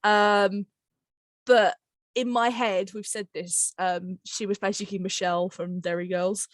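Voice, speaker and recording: Giggly rambling woman host, middle pitch, dry close sound, chatty podcast vibe. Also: fairly even intonation, unhurried, no room sound. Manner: bubbly, giggly, rambling with many fillers. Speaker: podcast host and writer-director. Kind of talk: casual podcast chat.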